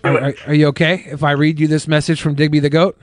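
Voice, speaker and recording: A man with a fairly high voice co-hosts a comedy podcast, reading aloud in a mock-solemn tone. The sound is dry and close. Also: little pitch movement, fast, dry recording, soft background music. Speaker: podcast co-host.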